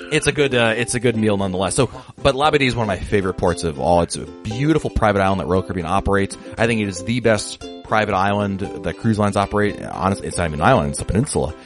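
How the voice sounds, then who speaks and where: A man hosting a casual podcast, chatty and lively, with frequent restarts. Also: on the low side. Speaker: podcast host.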